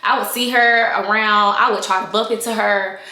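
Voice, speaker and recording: A young adult woman telling a candid storytime vlog to her viewers, animated and chatty, acting out the scenes as she goes. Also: medium pitch, normal speed, echoey room. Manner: animated, reenacting scenes with voices and gestures. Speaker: vlogger.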